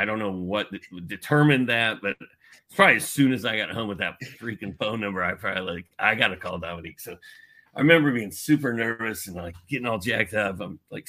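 A man in his fifties from Indianapolis, telling a long story as a podcast guest in a lively, filler-heavy way. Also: lowish voice. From Indianapolis, United States. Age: 50s. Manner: animated, with many fillers and asides. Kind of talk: casual storytelling.

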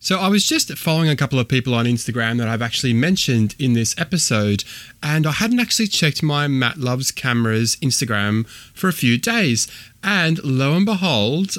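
A man's voice: medium pitch, fairly bright tone, dry recording. Brief: male podcast host, chatty and rambling, dry studio sound. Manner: chatty and rambling, with fillers and restarts. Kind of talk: casual podcast chat.

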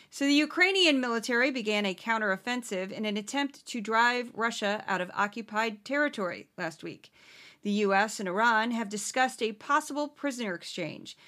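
A woman's voice: a little high, expressive, fairly quick, bright, forceful tone. A woman hosting a podcast, giving sarcastic, exasperated satirical news commentary. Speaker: podcast host.

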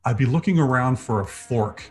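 A man's voice: mid-range voice, lively intonation, moderate pace, a little mellow, husky, soft background music. A man co-hosting a podcast, chatting casually with a wry, joking manner. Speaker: podcast co-host. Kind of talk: casual chat.

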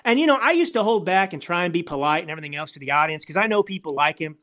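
A man's voice: sits high, lively intonation, quick pace, fairly bright tone. A man hosting a political commentary podcast, ranting in a heated, indignant way. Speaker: podcast host.

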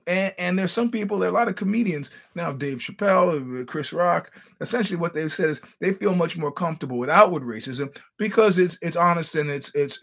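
A man with a somewhat high, slightly bright voice hosts a podcast, telling stories in a casual monologue. He's wry and blunt, acts out quoted dialogue, and often stammers over restarts.

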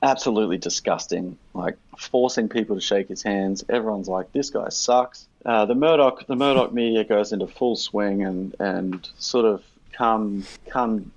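A man with an Australian accent rants bluntly and swears freely in a relaxed podcast chat. His voice sits low with a gravelly, husky grain. The audio is dull and lo-fi. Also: moderate pace, hardly any pauses, no echo. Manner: blunt, profane, storytelling ranting. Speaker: podcast guest. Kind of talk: casual chat.

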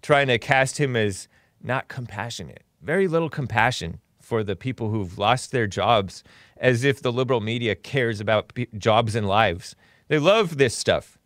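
A man's voice: medium pitch, expressive, normal speed, a bit bright, no room sound, studio quality. A man hosting a political call-in talk show, blunt and opinionated, rambling with sarcastic asides.

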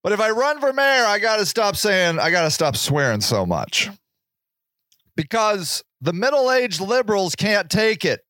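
A man's voice: high voice, big pitch swings, unhurried, sharp tone, no echo, studio quality. A man in his forties hosting a solo podcast, rambling and joking in casual talk and swearing freely. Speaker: podcast host.

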